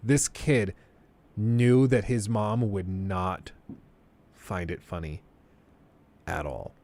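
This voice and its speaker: A man's voice: fairly low pitch, steady tone, slow pace, darkish tone. A young man telling a story on a livestream, laughing often and acting out the people he quotes. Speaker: streamer.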